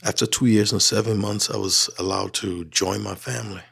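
He's a middle-aged man from Liberia, fairly low-pitched, gravelly and husky, speaking at a moderate pace in a Liberian accent. Animated throughout, he tells his personal story and acts out the exchanges he quotes as faint music plays.

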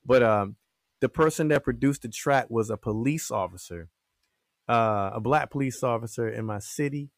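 A man's voice: mid-range voice, moderate pace, no echo, studio quality. A man, a guest comedian, talking in a rambling, casual way. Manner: rambling, many fillers and restarts. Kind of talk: casual interview chat.

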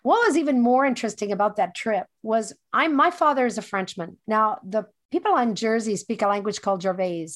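A woman telling a personal story in a casual, animated way, often repeating lines for emphasis. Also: on the high side, fairly quick, few pauses.

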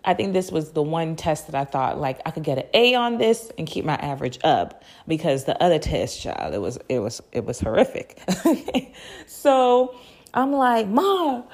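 A young woman telling a story to her listeners on a podcast. Her voice is a little low, and she talks in a loose, slangy way. She swears freely and breaks into laughter often. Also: a little mellow. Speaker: podcast host. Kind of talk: casual storytelling.

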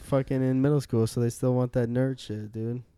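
A man's voice: mid-range voice, flat delivery, normal speed, dark tone, clean tone, no echo, clean studio sound. A young man co-hosting a podcast, rambling in casual banter with crude words and many fillers. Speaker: podcast co-host.

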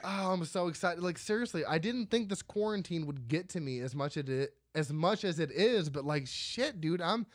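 A man in his thirties hosting a casual podcast from home. He is excitable, swears a lot and breaks into loud bursts and laughter. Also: a little high, normal speed, hardly any pauses, dry recording. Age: 30s. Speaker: podcast host. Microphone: studio microphone.

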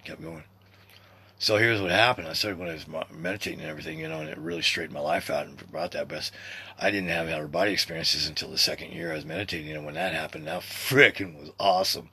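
A man in his sixties hosting a podcast, talking in a rambling, profane, animated monologue. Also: rumbling low, fast, creaky, a little hiss or hum. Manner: rambling and profane, with excited swings in loudness. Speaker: podcast host.

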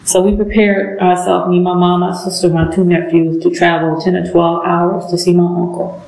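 A middle-aged woman giving an earnest, emotional personal testimony, halting now and then with pauses. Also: on the low side, flat delivery, vocal fry, a little mellow. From southern United States. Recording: echoey room.

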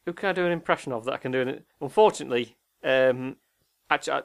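A man's voice: medium pitch, fast talker, vocal fry. A man co-hosting a casual chat show, rambling and hesitant as he looks things up while talking. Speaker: co-host.

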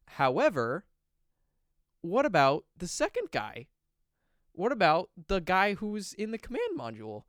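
Animated, rambling young man on a podcast. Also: high voice, unhurried, long pauses, no echo, studio quality. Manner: rambling, animated storytelling with silly quoted voices. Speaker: podcast host. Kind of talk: casual chat.

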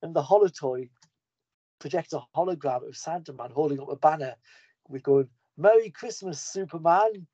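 A man's voice: on the high side, brisk, mellow, no room sound. A man on a podcast who recaps a comic story in a casual, enthusiastic way, rambling along with frequent restarts. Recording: dull lo-fi podcast audio.

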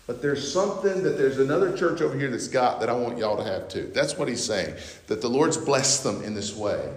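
A pastor preaching a sermon, moving from quiet reflection to loud, fervent emphasis with many repetitions. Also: male voice, medium pitch, animated, a little fast. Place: church sanctuary. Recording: roomy church hall reverb.

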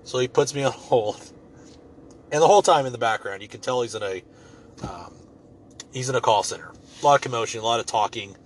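A man's voice: medium pitch, a little fast, long pauses, slight background noise. A man telling a story in a casual, rambling way, swearing freely and joking as he goes. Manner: profane, rambling, loose and joking.

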